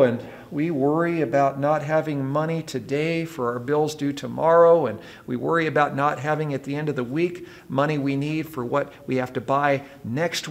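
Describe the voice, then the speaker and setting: A man preaching a sermon as pastor, emphatic and asking rhetorical questions of the congregation. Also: on the high side.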